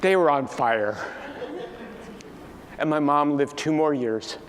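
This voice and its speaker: A man in his sixties giving a keynote talk, telling a family story with lively acted-out dialogue. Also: fairly high pitch, slow. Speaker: keynote speaker. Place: large conference hall. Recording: distant echoey hall with faint ambience.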